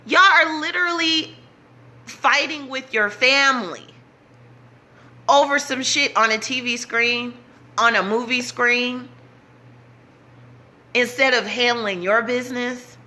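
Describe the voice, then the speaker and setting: Woman vlogger, bright voice, higher pitch, urgent preaching to her followers. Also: takes it slowly, pauses often. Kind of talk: impassioned direct-to-camera talk.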